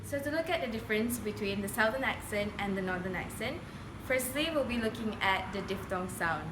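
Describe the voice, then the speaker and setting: A young woman giving a student class presentation on accents, slowly modelling words for others to repeat. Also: mid-range voice. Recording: echoey room from a distance with noise.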